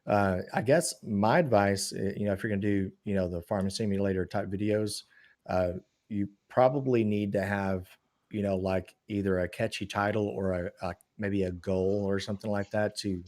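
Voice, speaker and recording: A middle-aged man giving advice on a live stream in a halting way, full of "you know" and restarts. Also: fairly low pitch, steady tone, darkish tone. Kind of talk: casual stream chat.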